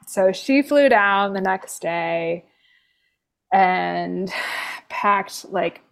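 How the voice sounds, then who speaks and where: A woman's voice: mid-range voice, expressive, drawn-out words, creaky, long pauses, fairly bright tone, clean tone. A woman nurse, a guest in an interview, telling a personal story casually with sarcastic, dry humor and lots of fillers. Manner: chatty, many fillers like "like".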